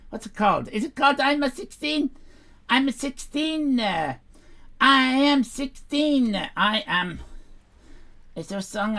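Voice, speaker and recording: A woman playing a sassy, brash sixteen-year-old Irish girl, hosting a live stream in character and rambling loudly to herself. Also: medium pitch, heavily acted. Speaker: livestream host in character.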